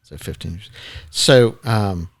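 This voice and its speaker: Host: man, low-ish voice, rambling questions, dry sound. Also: takes it slowly, no room sound. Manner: rambling, hesitant questions with many fillers. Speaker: podcast host. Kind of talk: casual interview questions.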